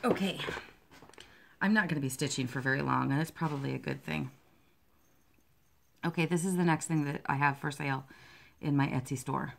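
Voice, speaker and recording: A woman with a low, gravelly voice talks in a loose, rambling way about her cross-stitch work. She is self-deprecating and easily distracted by her pets, and her tone stays casual throughout. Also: normal speed, long pauses, slight background noise. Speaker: cross-stitch designer and vlogger. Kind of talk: casual chat while stitching.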